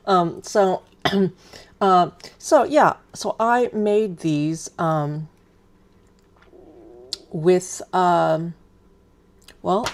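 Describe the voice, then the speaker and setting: Chatty woman in her fifties with gravelly voice. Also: on the low side, darkish tone. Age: 50s. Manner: chatty, rambling, self-deprecating, many ums. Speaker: craft live stream host. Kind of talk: casual live stream chat.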